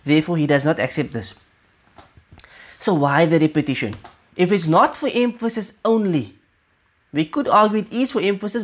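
A male teacher giving an explanatory religious lesson. He often checks in with the listener and recites short Arabic verses quickly between his explanations. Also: high voice. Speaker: teacher of Quranic interpretation.

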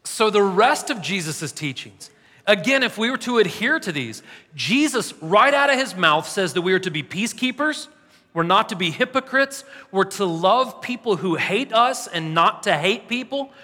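Bright-voiced pastor in a reverberant hall. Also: male voice, sits high, sing-song, moderate pace. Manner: conversational, self-deprecating, frequent tag questions. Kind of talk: sermon. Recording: long reverb in a large hall.

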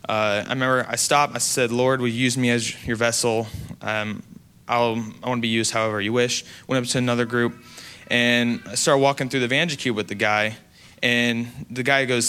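Young US man, earnest and halting testimony storyteller, crisp clear voice. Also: medium pitch, steady tone, pushed and bright. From United States. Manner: earnest, halting, many restarts. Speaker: mission trip speaker.

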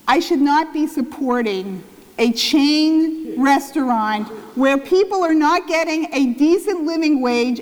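A woman pastor giving a sermon, telling a self-mocking story and acting out the quotes. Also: high voice. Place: church. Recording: church hall reverb.

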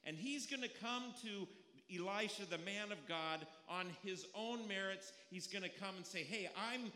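A man's voice: high voice, normal speed, pushed and bright. A male pastor preaching a sermon in a conversational, storytelling way, asking his listeners questions as he goes. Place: church sanctuary. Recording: echoey hall with long reverb.

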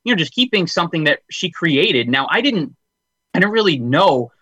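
A man's voice: on the high side, very animated, moderate pace, bright, forceful tone, slightly rough, dry recording. A man co-hosting a casual wrestling podcast, rambling a bit and using lots of filler words. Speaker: podcast co-host.

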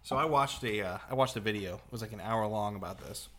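A man's voice: fairly low pitch, fast. A man co-hosting a casual podcast, telling stories animatedly and swearing freely. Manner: animated storyteller, swears a lot, mimics people he talks about. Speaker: podcast co-host. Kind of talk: casual chat.

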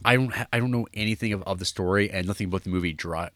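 Man, very low voice, dry close sound, rambling movie talk, lots of fillers. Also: racing, a bit bright, no echo. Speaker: podcast co-host. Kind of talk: casual film discussion.

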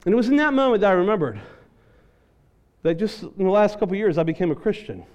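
A male pastor with a fairly high voice tells a long personal story in a sermon. He is animated and pokes fun at himself as he goes. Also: fast, muffled recording. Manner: animated, self-deprecating storyteller.

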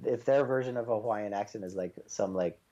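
A man's voice: lowish voice, brisk, warm tone, muffled recording. A man co-hosting a casual chat, ranting in a sarcastic, profane way. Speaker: podcast co-host.

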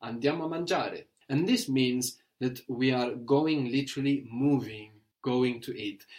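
A man's voice: mid-range voice, a little mellow. Patient male language teacher. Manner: patient, prompting questions, slows to model phrases. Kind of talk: guided language lesson.

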